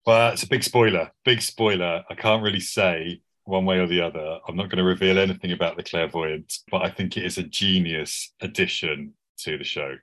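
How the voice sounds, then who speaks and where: Deep-voiced enthusiastic man. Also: fairly even intonation, moderate pace, few pauses, a bit bright. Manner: enthusiastic, rambling with restarts. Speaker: podcast co-host. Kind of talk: casual chat.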